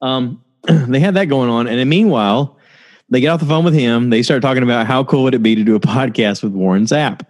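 A man's voice: medium pitch, fairly quick, a little mellow. A man hosting a casual solo podcast, telling stories in a rambling way and laughing often. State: tired, low on energy. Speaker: podcast host.

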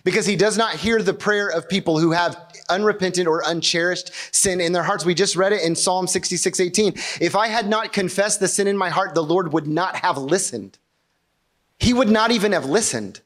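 Male pastor, slightly high voice, conversational sermon full of rhetorical questions. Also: normal speed, a bit bright. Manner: checks in with the congregation often.

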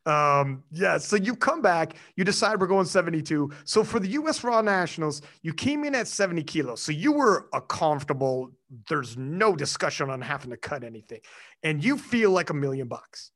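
Lively man hosting an interview. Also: fairly high pitch, normal speed. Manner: lively, laughs often, playful asides. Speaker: podcast host. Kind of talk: casual interview.

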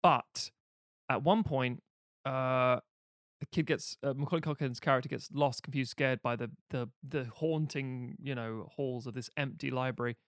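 A man in his late thirties talks through a casual chat in a loose, rambling way, swearing often and poking fun at himself. His voice sits at an ordinary middle pitch. The recording is dry and close, with no room sound. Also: fairly even intonation, normal speed, no echo. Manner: rambling and profane, with self-deprecating jokes. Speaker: podcast co-host.

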